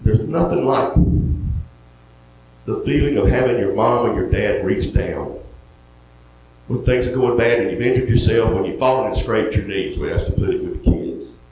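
A man with a drawl delivers a sermon in a low voice. He tells stories in a folksy way and then pleads gently. The sound rings through a big, echoey hall with a faint hum of noise behind it. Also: normal speed. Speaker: preacher.

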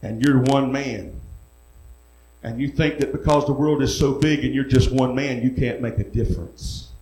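A man voicing God in a lower, slower, grave and quiet voice while retelling a vision during a sermon. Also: fairly even intonation, natural voice. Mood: solemn. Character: God, calm commanding deep male voice. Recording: echoey room.

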